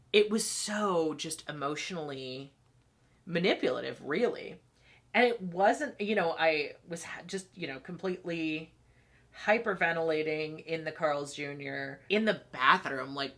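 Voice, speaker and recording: Animated, sharp-voiced woman telling a story. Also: on the low side. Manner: candid, swears freely, animated retelling. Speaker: channel host. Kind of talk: casual storytelling vlog.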